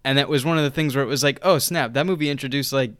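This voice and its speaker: A man's voice: medium pitch, very fast, smooth, dry recording, clean studio sound. A young man co-hosting a film podcast, talking casually and animatedly, often slipping into mock voices. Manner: animated, mimics characters in quoted asides. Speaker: podcast co-host. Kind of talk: casual chat.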